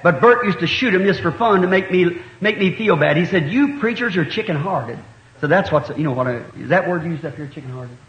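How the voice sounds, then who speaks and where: Folksy preacher, high voice, church sermon on muffled tape. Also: male voice, fairly bright tone. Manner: folksy storytelling sermon, acts out dialogue. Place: church hall. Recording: dull echoey old church tape.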